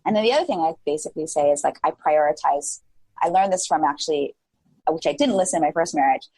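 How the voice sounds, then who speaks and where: A woman in her forties talks as a podcast guest in a relaxed, animated way, full of "like" fillers and quick re-enactments of her own thoughts. Her voice sits on the low side with a husky, breathy edge. The recording is dry, with no room sound. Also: dry recording, low-quality recording. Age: 40s. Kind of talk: casual interview chat.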